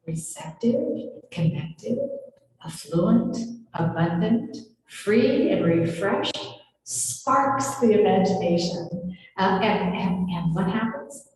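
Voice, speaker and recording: A woman's voice: mid-range voice, darkish tone, slight background noise. A woman minister giving a conversational sermon, chatty and playful, often laughing and speaking straight to her congregation. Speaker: senior minister. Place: large hall of a spiritual center. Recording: echoey hall with long reverb.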